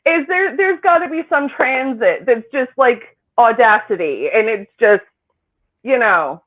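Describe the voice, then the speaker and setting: A woman psychic co-hosting a casual chat, incredulous and rambling, quick to laugh. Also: fairly high pitch, expressive. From Britain. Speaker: psychic co-host. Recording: tinny phone-like line.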